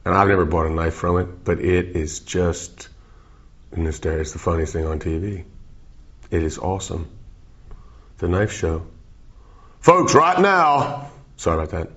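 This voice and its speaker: Deep-voiced and level in tone, this musician in his forties speaks at a moderate pace and pauses often. He rambles through playful interview answers, drifting and cutting himself off, and the recording is lo-fi and dull.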